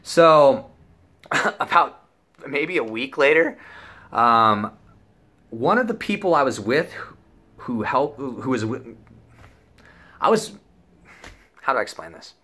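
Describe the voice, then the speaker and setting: A man's voice: medium pitch, slow pace, pauses often. A young man telling a story casually, rambling and swearing as he acts out what people said. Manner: profane, rambling, animated storytelling with acted-out quotes. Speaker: vlogger.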